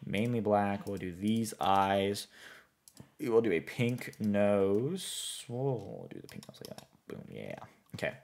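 A man's voice: on the low side, sing-song, slow, creaky, a little mellow. A man streaming a building game, reading chat aloud and answering in a rambling, easygoing way. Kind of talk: casual live-stream chat while playing.

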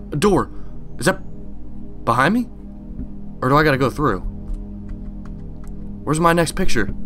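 A man's voice: fairly high pitch, sharp tone. A young man giving nervous, jumpy running commentary as he plays a horror game, talking to himself the whole way. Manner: jumpy, nervous, talks to himself while playing. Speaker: gaming channel host.

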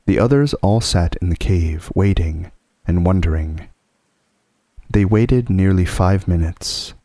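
A man reading a classic children's book aloud as a calm, soothing sleep story. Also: low-pitched, measured pace, dry recording.

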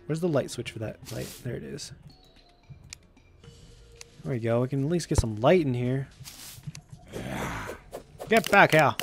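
A young man doing let's play commentary, excitable and given to shouting at enemies in frustration. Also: mid-range voice, measured pace, gravelly, pauses often, faint music behind. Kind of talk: gameplay commentary.

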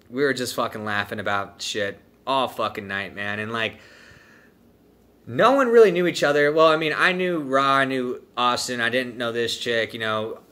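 Laid-back young man with a bright voice. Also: on the low side. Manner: profane, laid-back, full of "dude" and "man". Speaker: vlogger telling a trip story. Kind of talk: casual storytelling.

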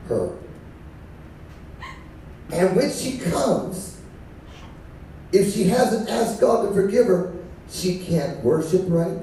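A man's voice: sits high, expressive, slow, long pauses, dark tone, slight background noise. A man preaching as a bishop in a conversational style, answered by the congregation. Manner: conversational preaching with call-and-response. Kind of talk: sermon. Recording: echoey church from far off.

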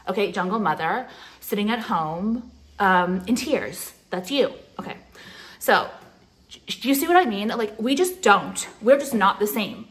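A woman vlogger ranting casually to the camera, profane and sarcastic, with lots of "like" fillers. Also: mid-range voice. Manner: profane, sarcastic, filler-heavy valley-girl talk. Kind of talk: casual vlog rant to the camera.

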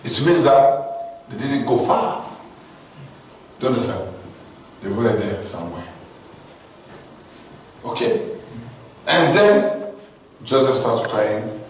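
Preacher in a very echoey hall. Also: male voice, mid-range voice, slow, long pauses, slight background noise. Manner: animated, repeatedly asking the congregation "do you understand?". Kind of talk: sermon storytelling. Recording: very echoey hall, heard from a distance.

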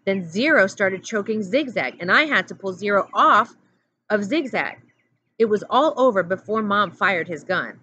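A cheeky teenage camper, as a woman puts him on while reading, loud and quick to explain. His pitch is lifted a little. The sound is dull and lo-fi. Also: lively intonation, husky.

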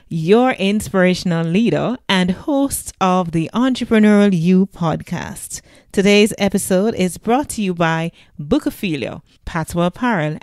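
A woman's voice: lowish voice, darkish tone, no echo. Woman, podcast host, playful, bubbly, very dry recording. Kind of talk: interview podcast.

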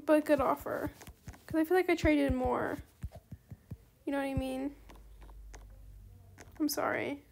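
A woman hosting her gaming channel, chatting casually through gameplay commentary and bursting into excited squeals. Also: high-pitched, a little slow, gravelly, pauses often, a little hiss or hum.

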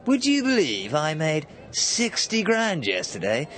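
A man's voice: on the high side, huge pitch swings, unhurried, crowd noise. A man playing a smug, sneering rich banker villain in a school pantomime. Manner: boastful, sneering.

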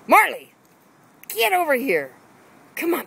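By a backyard fence, a dog owner films her pets on a handheld camera, calling and coaxing them in casual home-video narration. Her high, slightly bright voice takes it slowly, swinging widely in a sing-song pitch.

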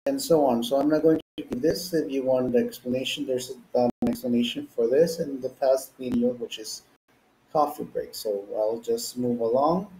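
Man teaching English, mellow voice. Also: medium pitch, moderate pace, reverberant, slight background noise, low-quality recording. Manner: explanatory, models example phrases with rising stress. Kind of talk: classroom lesson.

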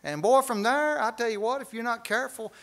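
A preaching man teaches a Bible study in church. His voice sits notably high, and he is lively and folksy as he explains the scripture. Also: fairly quick. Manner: animated preaching with folksy asides and acted quotes. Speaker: pastor.

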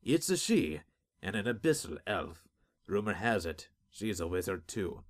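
A man voicing a gruff, blunt older male arena trainer with folksy speech. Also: deep voice, very animated, measured pace.

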